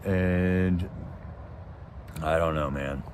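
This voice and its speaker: A man's voice: deep voice, steady tone, extremely slow, slight background noise. A man hosting a livestream, ranting about politics in a casual, impassioned way and firing off rhetorical questions while answering his chat. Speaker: livestream host reading chat.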